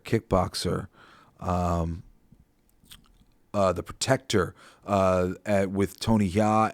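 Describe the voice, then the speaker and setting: Man, podcast host, deep voice, dry sound, rambling, profane, casual. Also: a little mellow, dry recording. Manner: rambling and profane, thinking aloud with many fillers.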